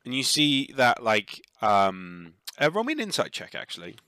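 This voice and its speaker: A man's voice: medium pitch, wildly swooping pitch, normal speed, sharp tone, clear, resonant tone, no echo. A man narrating a tabletop role-playing game as game master, in a loose, rambling way full of fillers.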